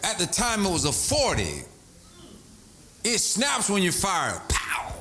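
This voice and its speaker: A man preaching a sermon, animated, breaking into shouts and sing-song emphasis. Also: sits high, measured pace, soft background music.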